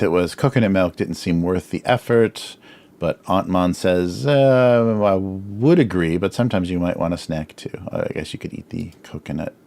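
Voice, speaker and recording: Low-voiced man chatting casually on livestream. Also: gravelly, darkish tone. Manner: chuckles often, musing and self-deprecating. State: strained voice. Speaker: cartoonist livestream host. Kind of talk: casual livestream chat while drawing.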